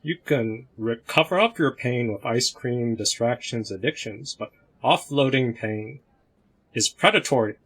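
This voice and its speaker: Husky-voiced male host, opinionated, casual discussion over a video call. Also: medium pitch, a little slow. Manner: opinionated, animated, laughs between points.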